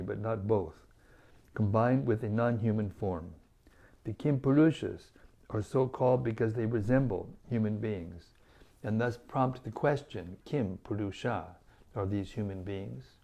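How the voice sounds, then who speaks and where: A man reading scripture aloud to listeners in a deliberate, measured way, pausing between phrases. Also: lowish voice, mellow. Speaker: scripture reader.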